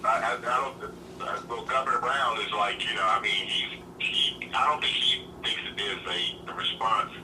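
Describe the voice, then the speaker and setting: A man's voice: on the low side, normal speed. A man calls in to a talk show and explains things hesitantly, stammering and restarting his sentences. His voice comes over a distant phone line with a roomy echo. A good deal of noise sits behind him. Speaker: guest caller. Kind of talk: casual phone conversation.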